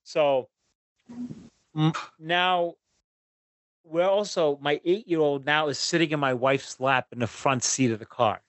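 A man telling a road trip story in casual podcast chat, animated and swearing, acting out his own rants. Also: on the high side, measured pace, long pauses, dry recording.

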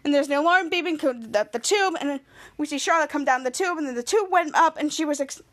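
A woman's voice: sits high, fast talker, fairly bright tone. A woman podcast host rambling through a casual recap of a TV episode. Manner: rambling, repeats "cut to".

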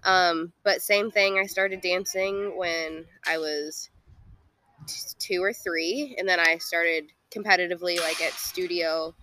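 A woman's voice: lowish voice, steady tone, measured pace, pushed and bright, no echo. A woman in her twenties hosting a casual podcast chat, playful, bubbly and rambling. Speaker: podcast host.

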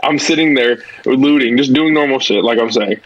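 A man co-hosting a casual gaming podcast, retelling events in an expressive, profane way. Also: mid-range voice, moderate pace, dull audio. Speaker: podcast co-host.

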